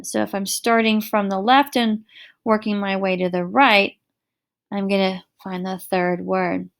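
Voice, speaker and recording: A woman's voice: mid-range voice, flat delivery, measured pace, gravelly. A middle-aged woman teacher giving a recorded online lesson, explaining patiently with everyday examples.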